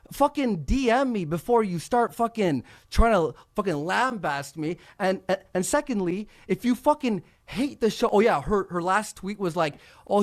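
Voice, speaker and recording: A man with a notably high voice rants as a show host, cursing freely and firing off complaints. The delivery is heated and relentless. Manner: angry, profane, rapid ranting. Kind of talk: heated podcast rant.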